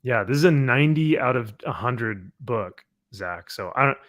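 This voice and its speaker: A man's voice: mid-range voice, animated, moderate pace, a bit bright, lo-fi sound. A man hosting a laid-back comic review livestream with a mid-range voice. He recaps plots with sarcastic, mocking asides. The talk is loose and chatty. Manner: sarcastic, reads comic dialogue aloud mockingly. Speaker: comic review show host. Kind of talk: casual livestream chat.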